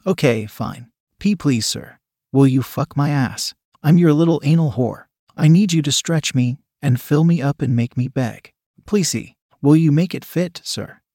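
A man's voice: on the high side, unhurried, mellow, no echo, studio quality. A man voicing a shy young woman who whines and pleads breathlessly in an adult audio story. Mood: pleading.

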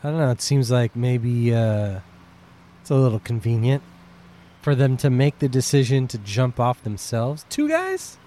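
Mellow-voiced man, hesitant. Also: medium pitch, steady tone, moderate pace. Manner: hesitant, unsure. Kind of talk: casual chat.

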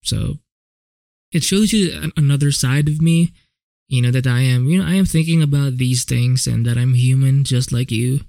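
A man's voice: mid-range voice, normal speed, vocal fry, dark tone, no echo. A man hosting his own podcast, talking alone in a casual, rambling way, swearing freely and often correcting himself mid-sentence, recorded on a home podcast microphone. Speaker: podcast host. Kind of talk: solo reflective podcast monologue.

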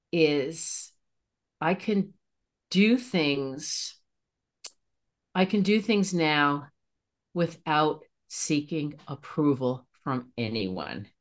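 Animated middle-aged woman guest telling stories. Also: low-pitched. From Pennsylvania. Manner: animated storyteller, voice leaping up when excited. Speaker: podcast guest. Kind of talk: casual interview chat.

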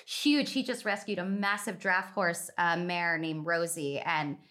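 A woman hosting a podcast interview, chatting like an excited fan, then reading her outro. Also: lowish voice, a little slow. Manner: gushing, enthusiastic fan. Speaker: podcast host. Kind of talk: casual interview and scripted outro.

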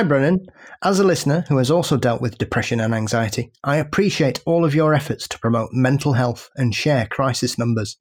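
A man's voice: mid-range voice, darkish tone. A man co-hosting a podcast, reading a listener's letter and adding dry, wry remarks in casual chat. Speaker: podcast co-host.

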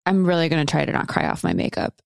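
A woman's voice: low-pitched, sing-song, quick pace, creaky, no room sound, studio quality. A woman hosting a podcast, speaking earnestly and emphatically and repeating phrases for emphasis. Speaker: podcast host. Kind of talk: heartfelt conversation.

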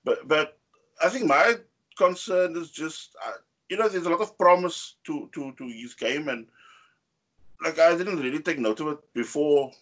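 A man co-hosting a casual football podcast, talking in an animated way with many fillers and pitch rising on key points. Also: normal speed. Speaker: podcast co-host.

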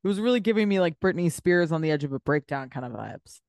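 A woman co-hosting a casual podcast chat about reality TV, animated and swearing, acting out quotes. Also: lowish voice, fast talker, no echo, clean studio sound. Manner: animated, swearing, acts out quotes of cast members. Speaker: podcast co-host.

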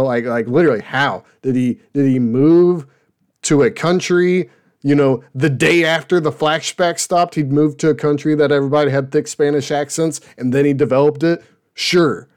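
Man, casual review host, rambling, laughs a lot, restarts sentences, fairly high voice. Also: darkish tone. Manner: rambling, laughing, self-interrupting. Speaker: podcast host reviewing shows.

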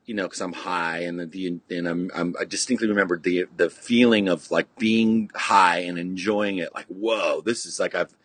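A man's voice: sits low, steady tone, normal speed, few pauses, no room sound. A middle-aged man from California telling a story in casual podcast chat, rambling and profane, full of restarts and "you know". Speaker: podcast guest, punk musician.

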